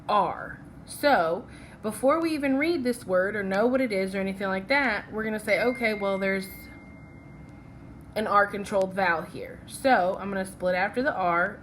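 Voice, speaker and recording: A woman teaching phonics who moves slowly and patiently through each word. She stops often to ask "okay?" before going on. Her voice sits in an ordinary middle register, with a faint hiss of noise behind it. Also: medium pitch. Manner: patient, checks in with "okay?" after each step. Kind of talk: phonics lesson with slides.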